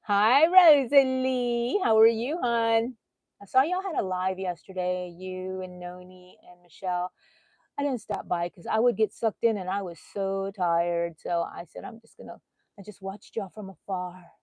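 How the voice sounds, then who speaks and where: A middle-aged woman with a drawl talks into a close, dry microphone at home. She chats through a casual livestream, greeting viewers by name in a warm, emotional, reassuring way. Her voice sits at an ordinary middle pitch. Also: moderate pace, no room sound. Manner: chatty, reads out viewer comments by name. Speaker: crochet channel host.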